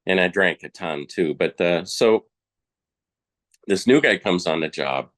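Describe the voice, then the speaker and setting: A man with a very low, deep voice speaks as a podcast guest, recounting his story in plain, colloquial words. His delivery is frank and unpolished, the way someone talks across a table. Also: animated, measured pace, fairly bright tone. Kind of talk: personal storytelling in conversation.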